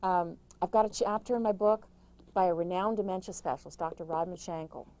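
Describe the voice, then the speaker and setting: A middle-aged woman, an author, giving emphatic, rapid-fire caregiving advice in an interview, with frequent restarts. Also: lowish voice, dark tone, low-quality recording. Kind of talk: interview answers.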